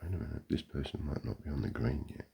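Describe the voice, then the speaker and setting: A man's voice: a bass voice, fast talker, vocal fry, mellow, husky. An Australian man giving a sarcastic, profane running commentary outdoors beside a golf green. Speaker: vlogger.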